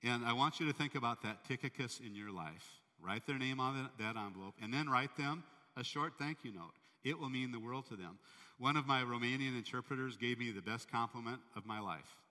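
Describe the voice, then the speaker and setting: Bright-voiced man preaching in a hall. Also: mid-range voice, brisk. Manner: conversational, animated storytelling. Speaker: pastor. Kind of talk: sermon with storytelling.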